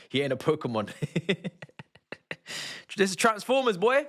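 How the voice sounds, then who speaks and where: Young man, bright sharp voice, streams football watch-alongs, slangy and excitable, shouts at goals. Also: sits high. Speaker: fan streamer. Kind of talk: live match watch-along commentary.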